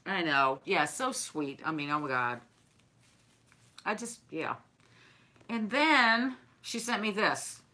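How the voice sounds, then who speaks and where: A chatty woman with a bright, forceful voice shows off gifts from her viewers. She gushes over every little thing in a warm, effusive, casual way. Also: lowish voice, animated, slow pace, pauses often. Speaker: craft and decor vlogger.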